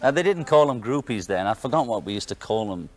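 A man's voice: medium pitch, lively intonation, quick pace. A man in his thirties with a Liverpool accent, a musician guest on a talk show, talking in an offhand, wry way and laughing between remarks. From England. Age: 30s. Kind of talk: casual talk-show interview. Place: television studio set.

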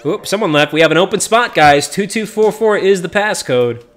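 A man's voice: high-pitched, animated, normal speed, a bit bright, soft background music. A man streaming online matches with viewers, chatting casually and greeting and teasing them by name. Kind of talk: casual live-stream chat.

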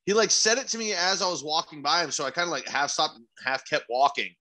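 A man's voice: fairly high pitch, lively intonation, fast talker, pushed and bright, rough recording. A young man co-hosting a podcast, telling stories animatedly with exasperated, profane asides. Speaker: podcast co-host. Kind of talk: casual podcast banter.

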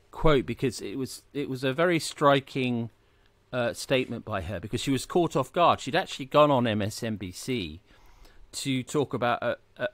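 A man co-hosts a casual political podcast in a middle-pitched voice. He talks earnestly and stresses key points, often stumbling over repeated words at the start of a sentence. The sound is dry and close to the mic. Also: dry recording. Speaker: podcast co-host.

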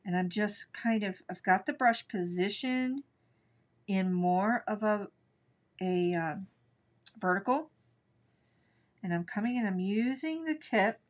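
A woman's voice: mid-range voice, lively intonation, slow pace, pauses often. A middle-aged woman hosting a live watercolor painting tutorial, chatting and thinking aloud as she works. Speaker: art instructor.

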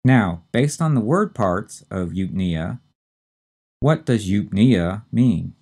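A man teaching a recorded medical terminology lecture, speaking slowly and carefully and spelling out terms letter by letter. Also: lowish voice, lively intonation, darkish tone, breathy edge. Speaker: instructor.

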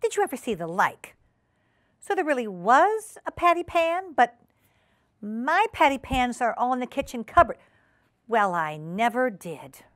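A woman's voice: fairly high pitch, big pitch swings, measured pace, a bit bright, dry recording, clean studio sound, voice pushed up. A woman voicing a prim, polite lady cat hostess in a storybook reading, in a raised, genteel voice.

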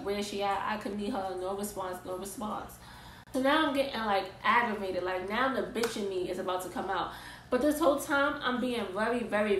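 A young woman telling an animated, exasperated storytime vlog in casual slang. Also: mid-range voice, reverberant, slight background noise, rough recording. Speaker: vlogger.

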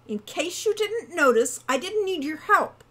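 A woman's voice: fairly high pitch, animated, normal speed, natural voice. A woman voicing a hot-tempered young man, a protective older brother who scolds in exasperation. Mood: angry.

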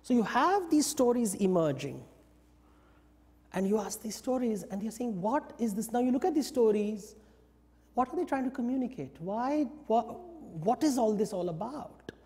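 A man giving a lecture, telling stories in an animated way and briefly acting out what the characters say. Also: extremely high pitch, moderate pace, in a large hall. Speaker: invited speaker. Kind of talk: lecture on mythology. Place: yoga studio talk.

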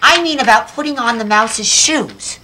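A woman's voice: fairly high pitch, normal speed, sharp tone, slight background noise. A woman voicing a cheerful, wide-eyed young alien exchange student in a children's video. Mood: thoughtful.

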